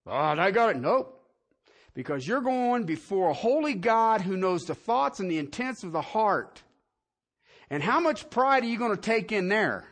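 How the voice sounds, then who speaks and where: A male pastor delivering a sermon with a strikingly high voice that swings widely in pitch. He preaches conversationally and keeps throwing rhetorical questions at the listeners. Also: sing-song, a little slow.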